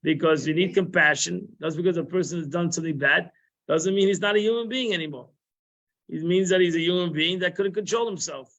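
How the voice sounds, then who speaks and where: A man with a high, fairly bright voice talks fairly quickly while giving an informal Torah lesson, conversational and repetitive, with Hebrew and Yiddish terms sprinkled in. He is a Torah class teacher, heard through muffled live-stream audio.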